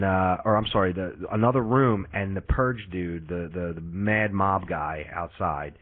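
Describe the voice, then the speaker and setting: A young man on a podcast, casually retelling a movie plot in an exasperated, profane rant. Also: on the low side. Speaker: podcast host. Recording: tinny lo-fi livestream audio.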